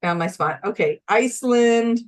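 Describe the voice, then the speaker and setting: A woman's voice: on the high side, lively intonation, normal speed. A woman co-hosting a casual livestream, chatting cheerfully as she reads out where viewers are tuning in from. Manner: upbeat, chatty, reading viewer comments aloud. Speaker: co-host.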